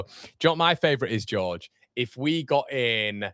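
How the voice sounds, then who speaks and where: A man's voice: mid-range voice, animated, moderate pace, fairly bright tone, smooth, no room sound, clean studio sound. A man, hosting a fan watchalong live stream, chatting casually and rambling with fillers as he reads comments. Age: 30s. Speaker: fan channel watchalong host.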